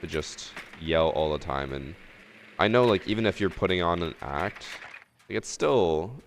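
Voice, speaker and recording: Deep, gravelly male game streamer. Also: expressive, normal speed, slight background noise. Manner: laid-back, rambling, filler-heavy. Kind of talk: casual live-stream chat. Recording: long room reverb.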